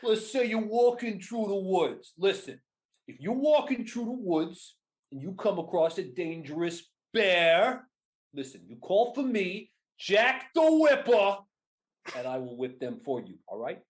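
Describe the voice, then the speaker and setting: A man voicing a male mafioso running a protection racket, with a New York accent and a swaggering, menacing sales pitch. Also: sing-song, a little slow.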